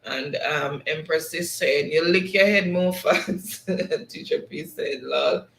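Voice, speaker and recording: A man's voice: on the high side, slow, gravelly, fairly bright tone, roomy sound, poor audio. A Jamaican man hosting a live stream in a casual chat, reading viewer comments aloud and laughing often between them.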